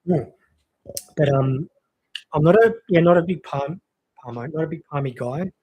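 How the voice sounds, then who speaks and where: A man's voice: a little high, moderate pace, husky, highs cut off. A young man chatting casually on a stream, rambling with lots of fillers. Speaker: co-host of a cricket watchalong stream. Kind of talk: casual chat.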